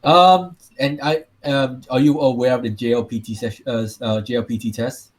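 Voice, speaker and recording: A man's voice: medium pitch, steady tone, normal speed. A man from Taiwan with a Taiwanese accent, co-hosting a casual podcast and telling rambling stories with repeated words and restarts. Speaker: podcast co-host.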